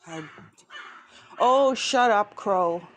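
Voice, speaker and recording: A woman's voice: medium pitch, animated, takes it slowly, fairly bright tone, no echo, low-quality recording. A woman chatting casually on a live stream, rambling with many fillers and restarts, outdoors near traffic.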